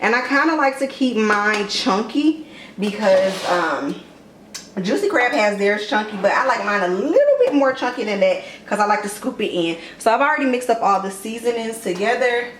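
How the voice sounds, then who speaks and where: A woman's voice: fairly high pitch, animated, moderate pace. A young woman giving a casual cooking tutorial in her home kitchen, chatty and full of fillers, calling her viewers y'all. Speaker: cooking vlogger. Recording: echoey kitchen from far off, with noise.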